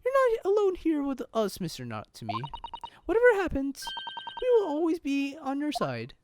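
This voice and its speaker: Brief: devoted young female assistant, soft and reassuring, pitched very high, a man doing the voice. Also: huge pitch swings, normal speed, background noise, full character voice. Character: gentle young Japanese woman assistant, devoted. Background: game music.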